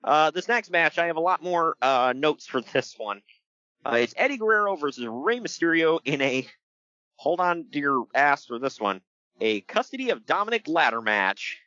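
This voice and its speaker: A man hosting a casual podcast, his voice bright and lively as it swings up and down. He laughs easily and acts out quotes in a high, shouting voice. The recording is dry and a bit muffled. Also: normal speed, no room sound. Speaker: podcast host. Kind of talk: casual podcast chat reviewing wrestling.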